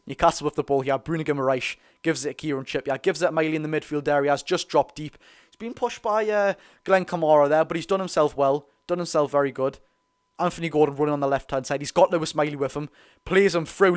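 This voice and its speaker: A man with a Geordie accent giving excited, rapid live football commentary as host of a fan watch-along, cheering his side on. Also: fairly high pitch. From North East England. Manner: talks very fast; animated, cheers players on.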